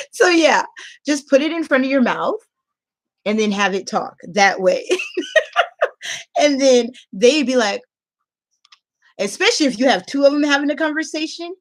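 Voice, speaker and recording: A woman English teacher giving casual tips in a playful, animated way, laughing often. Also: high voice.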